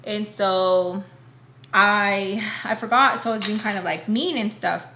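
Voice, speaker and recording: A woman's voice: medium pitch, measured pace, pushed and bright. Chatty young woman, roomy echo. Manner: chatty, fills talk with "like", talks to viewers as "y'all". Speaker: vlogger telling a story. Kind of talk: casual storytime chat. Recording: roomy echo, faint background hiss.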